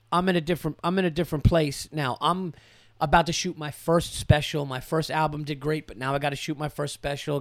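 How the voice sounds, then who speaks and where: A man's voice: on the high side, no echo. Profane rambling man, dry close sound. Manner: profane, rambling, animated storytelling with acted-out quotes. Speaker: podcast host. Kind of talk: casual chat.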